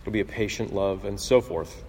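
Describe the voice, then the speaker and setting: A man preaching a sermon in an earnest, conversational way, often clearing his throat and restarting phrases. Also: fairly low pitch, moderate pace, a little mellow. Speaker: pastor. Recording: husky voice in a long-reverb hall.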